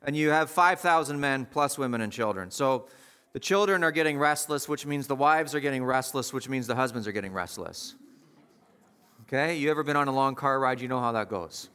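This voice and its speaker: A man's voice: mid-range voice, a little fast, sharp tone, smooth. A man preaching a sermon in a conversational, emphatic way, asking the listeners questions.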